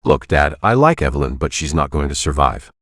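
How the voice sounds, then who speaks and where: A man's voice: extremely low pitch, sing-song, fairly quick, dry recording, clean studio sound, heavily acted. A man voicing a blunt, frank young woman, the hero's daughter, in an audiobook.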